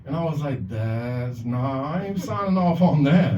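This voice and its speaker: Man, open-mic comic, profane and animated storyteller, mellow tone, dull distant bar recording. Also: mid-range voice, unhurried, a little hiss or hum. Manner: animated, profane, acts out quotes in raised voices. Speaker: stand-up comedian at an open mic. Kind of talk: stand-up storytelling. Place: small bar or club stage. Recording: roomy, distant, dull live-venue sound with faint ambience.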